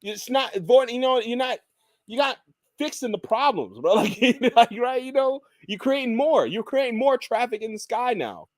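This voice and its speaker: Man, podcast host, high voice, dry sound, profane rant. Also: normal speed, no echo. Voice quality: profane, animated ranting. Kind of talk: casual chat.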